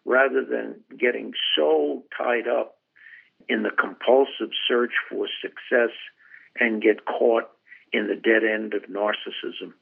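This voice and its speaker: A man's voice: mid-range voice, fairly even intonation, slow pace, gravelly. An older man, a guest author, answering interview questions in an earnest, reflective way and retelling conversations as stories. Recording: tinny phone line.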